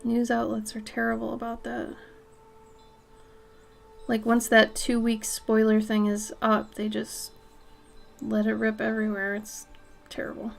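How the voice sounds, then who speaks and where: A woman's voice: fairly high pitch, monotone, unhurried, creaky, pauses often, soft background music. A young woman chatting casually with viewers while she paints on a live stream, a bit sniffly from allergies. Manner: chatty, reads out and answers viewer messages, swears when she sneezes. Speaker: art streamer.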